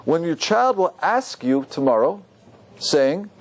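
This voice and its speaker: A rabbi giving a lively Torah class to an audience, often asking them questions. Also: male voice, a little high, takes it slowly. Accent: Ashkenazi Hebrew pronunciation.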